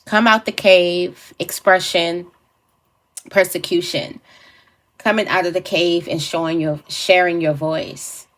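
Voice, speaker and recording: Casual female tarot reader with a lower voice, musing aloud in a loose, rambling way. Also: fairly even intonation, takes it slowly, fairly bright tone. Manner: meandering, thinks aloud with fillers and restarts. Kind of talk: casual spiritual reading to camera.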